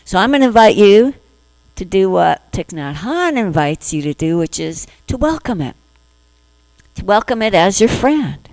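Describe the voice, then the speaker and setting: A woman minister giving a spiritual talk to her congregation, gentle, acting out inner voices in little quoted asides. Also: mid-range voice, big pitch swings, moderate pace, no echo, low-quality recording.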